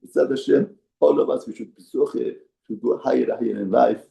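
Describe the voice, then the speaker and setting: A man's voice: fairly quick, vocal fry, dark tone. A man, a rabbi, giving an emphatic mussar lesson in a study hall. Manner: emphatic, acts out quoted voices with raised pitch. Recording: echoey room.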